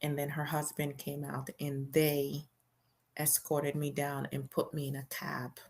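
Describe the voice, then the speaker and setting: A woman hosting a show, reading a memoir aloud in the first person in a plain, conversational storytelling way with casual fillers. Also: sits low.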